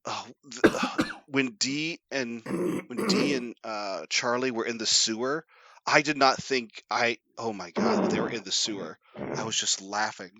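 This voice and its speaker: A man co-hosting a podcast in casual chat, excitable and laughing often as he talks. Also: medium pitch, unhurried, no echo. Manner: laughs a lot, animated and excitable. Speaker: podcast co-host.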